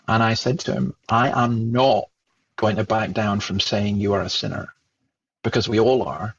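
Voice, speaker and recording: A man with a Scottish accent, a guest telling a lively story and acting out the dialogue he remembers. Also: on the low side, moderate pace, vocal fry, dull audio, a little hiss or hum. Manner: animated, acts out remembered dialogue. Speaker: Christian speaker and guest. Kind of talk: storytelling in conversation.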